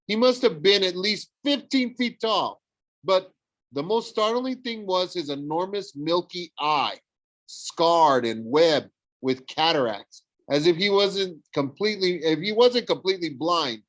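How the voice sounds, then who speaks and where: A man reading a novel aloud, animated, with frequent slips and self-corrections. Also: high voice, unhurried, dry recording. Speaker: audiobook reader. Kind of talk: storybook read-aloud narration.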